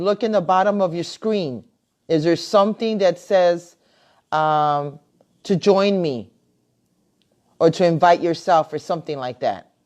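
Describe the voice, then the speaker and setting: A middle-aged woman and grandmother hosting a casual live video chat from her computer, talking in a chatty, warm-hearted way with many fillers and restarts. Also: lowish voice. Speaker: host. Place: home, at a computer. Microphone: computer mic on a live video call.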